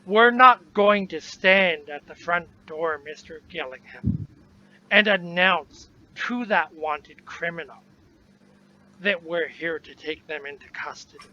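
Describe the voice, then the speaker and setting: Stern armed squad boss, as a guy puts him on, clipped and accusing, kinda high voice, dull lo-fi audio. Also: slow pace, bright, forceful tone, exaggerated voice. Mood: accusatory. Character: stern male armed squad commander, interrogating. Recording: dull lo-fi recording, faint noise.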